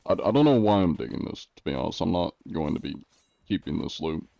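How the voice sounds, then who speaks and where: A man's voice: rumbling low, expressive, a little fast, gravelly, highs cut off, slight background noise. A man streaming live, chatting casually with his viewers and answering them with dry jokes. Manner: dry, joking, answers chat. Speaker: game streamer.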